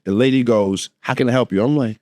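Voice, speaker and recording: A man co-hosting a podcast, telling a story in a lively, laughing way and acting out the voices in it. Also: mid-range voice, quick pace, no echo, studio quality. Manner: animated, laughing, acts out voices in his story. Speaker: podcast co-host. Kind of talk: casual storytelling chat.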